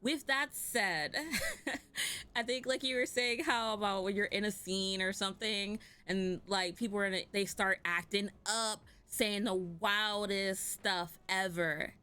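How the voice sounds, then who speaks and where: A woman hosting an online comedy panel in casual chat, talking fast and loose with lots of fillers and laughs. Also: medium pitch, bright, forceful tone, smooth. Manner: chatty, laughs often, many "like" fillers. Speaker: panel host.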